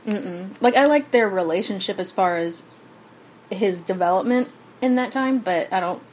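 A woman co-hosting a casual podcast, rambling and halting as she talks about a TV show, laughing often. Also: medium pitch, lively intonation, a little mellow, a little hiss or hum, rough recording. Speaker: podcast co-host. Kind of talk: casual chat recap of a TV show.

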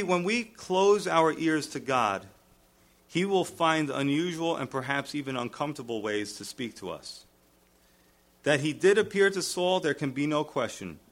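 A male pastor preaching a verse-by-verse sermon in a conversational way, raising his voice to act out quoted speakers. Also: fairly high pitch. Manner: animated, acts out quoted lines in a raised voice; conversational asides, fillers. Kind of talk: expository sermon.

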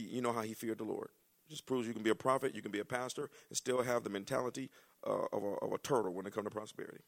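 A male pastor, preaching a sermon with folksy asides that build into shouting excitement. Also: fairly low pitch, quick pace, vocal fry.

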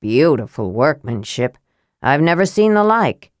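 A woman voicing a stern, suspicious male knight with a gruff, blunt, demanding way of talking. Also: sits low, sing-song, unhurried, dry recording, clean studio sound, pitched below the performer's own voice.

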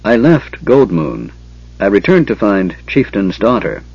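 Stern bitter warrior man, read by a man, terse, cold, low voice, dull lo-fi sound. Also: wildly swooping pitch, unhurried, a little mellow, slightly rough, dry recording, full character voice.

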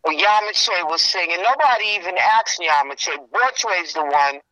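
Woman, animated gossip, bright and forceful voice, muffled lo-fi sound. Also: fairly low pitch, normal speed. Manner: animated storytelling, acts out quoted exchanges. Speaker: friend in a phone chat. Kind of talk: casual gossip about a funeral.

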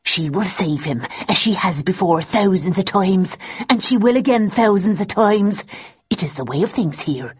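A woman's voice: medium pitch, lively intonation, normal speed, husky. A woman voicing a stern, aggressive woman servant who speaks in a curt, matter-of-fact hiss, in slightly dull lo-fi audio.

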